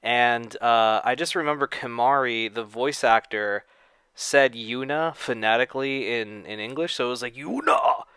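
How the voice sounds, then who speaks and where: A man talks to his viewers in a loose, rambling way, filling pauses with "uh" and "um" and tossing in casual swearing. His voice is smooth and clear, and the recording is dry and close with almost no room sound. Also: mid-range voice, dry recording. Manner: relaxed, rambling, frequent fillers and swearing. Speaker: video creator. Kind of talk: casual storytelling vlog.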